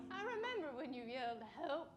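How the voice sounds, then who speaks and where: A high-voiced woman drawls through an improvised love letter very slowly, giggling often. Loud live music fills the space behind her. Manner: giggly, playful, mock-tender. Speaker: improv performer.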